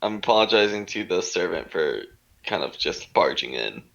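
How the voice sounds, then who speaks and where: A man's voice: low-pitched, big pitch swings, normal speed, vocal fry, fairly bright tone, dull audio. A man playing a tabletop game, speaking earnestly and a bit apologetically. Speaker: player. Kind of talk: casual tabletop game chat.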